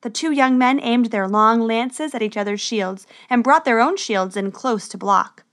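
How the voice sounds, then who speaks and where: Woman, storybook narrator, expressive reading, fairly high voice. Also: moderate pace.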